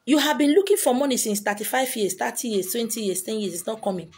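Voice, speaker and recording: A woman's voice: fairly high pitch, animated, fast talker, a little mellow, slightly rough. A woman with a Nigerian accent, a spiritual teacher lecturing her viewers in a monologue, emphatic and repetitive, scolding them with rhetorical questions. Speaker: spiritual teacher selling handouts.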